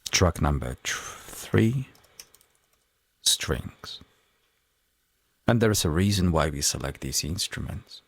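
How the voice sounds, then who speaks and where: A man hosting a music production tutorial, explaining each step in a measured, methodical way. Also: a bass voice, expressive, no room sound. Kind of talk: tutorial walkthrough.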